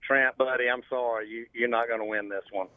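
A Southern man from South Georgia calls in by phone from the road. The line is tinny and narrow, and his voice sits at a middle pitch. He talks easygoing and pokes fun at himself. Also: fairly even intonation, brisk. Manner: easygoing, self-mocking. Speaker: caller, construction company owner. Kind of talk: casual chat by phone. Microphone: phone while driving.

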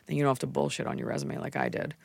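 A woman's voice: rumbling low, sing-song, very fast, gravelly, no echo. A woman co-hosting a podcast, giving blunt, casual advice and teasing her co-host, swearing now and then.

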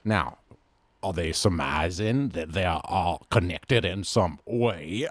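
A man's voice: low-pitched, slow, no room sound. A man playing an indignant employee and then a lawyer in an improv comedy scene, protesting and objecting.

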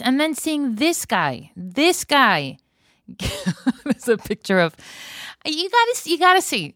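Smooth-voiced chatty woman podcast host. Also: mid-range voice, fairly bright tone, no room sound, studio quality. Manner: chatty, laughing, opinionated. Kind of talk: casual monologue. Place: Israel.

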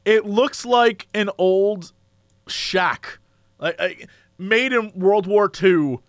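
A man in casual comedic chat, animated and laughing often. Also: high voice, drawn-out words, no room sound, clean studio sound.

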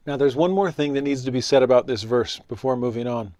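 A middle-aged man preaching a sermon in an earnest, conversational way, telling stories and letting his voice drop softly at the ends of phrases. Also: mid-range voice, fast, few pauses. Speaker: preacher and religious teacher. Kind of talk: sermon with storytelling.

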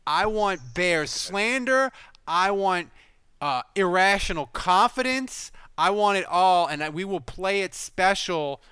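A man co-hosting a casual podcast, talking excitably and laughing often. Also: high-pitched, takes it slowly, clean tone, no echo. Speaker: podcast co-host.

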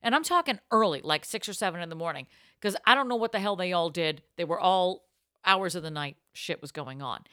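Bright-voiced woman on a podcast, swearing and laughing a lot, voice jumping all over, dry close sound. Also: on the low side, expressive, fairly quick, no echo. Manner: laughs often, swears freely, playful storytelling. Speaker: podcast co-host. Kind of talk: casual podcast banter.

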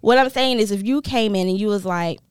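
A woman's voice: mid-range voice, fairly quick, smooth, no room sound, studio quality. A woman in a casual group discussion, explaining and defending her point earnestly.

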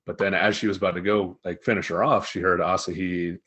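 A man co-hosting a casual podcast, recapping an anime episode in a profane, animated storytelling manner. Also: deep voice, fast, slightly rough. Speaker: podcast co-host.

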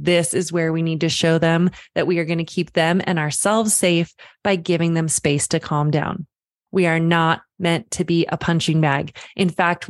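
A woman's voice: on the low side, no room sound, studio quality. A woman parenting coach giving direct advice to the listener, reassuring and calling them friend. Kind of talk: direct-to-camera advice talk.

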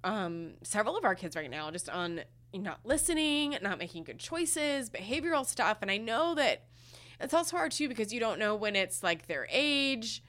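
A woman in her thirties co-hosting a parenting podcast, talking in a halting, emotional way with many fillers, close to tears. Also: medium pitch, sing-song, fairly bright tone. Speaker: podcast co-host. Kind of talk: casual podcast chat.

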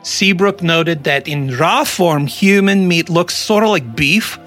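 A man hosting a podcast in casual comedic chat, a joking storyteller with quick asides. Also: a little high, a bit bright, faint music behind. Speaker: podcast host.

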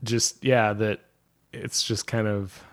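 A man's voice: lowish voice, little pitch movement, takes it slowly. A man co-hosting a podcast, chatting casually with short, easygoing replies. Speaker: podcast co-host. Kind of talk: casual chat.

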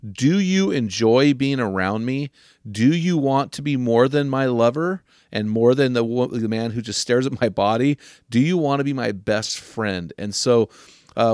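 An older man hosting a podcast, giving earnest advice to men and slowing down to stress key questions. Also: medium pitch, a little mellow, no room sound, clean studio sound. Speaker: podcast host.

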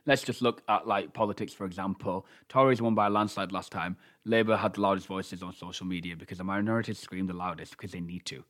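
A man hosting a casual podcast chat, animated and swearing freely, laughing often. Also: sits low, fast, hardly any pauses.

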